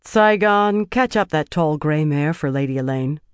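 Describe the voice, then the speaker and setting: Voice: medium pitch, animated, a little slow, clear, resonant tone, dry recording, clean studio sound, lightly acted. A reader voicing a blunt, practical woman guard captain in an audiobook. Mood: firm. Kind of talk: audiobook character voice.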